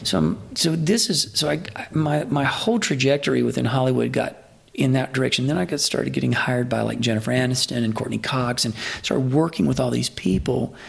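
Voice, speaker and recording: A man's voice: medium pitch, brisk, creaky, husky. A man, a Hollywood fight trainer, telling profane, rambling stories in a casual interview, full of restarts. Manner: profane, rambling, animated anecdotes with many restarts. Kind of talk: casual storytelling in a podcast interview.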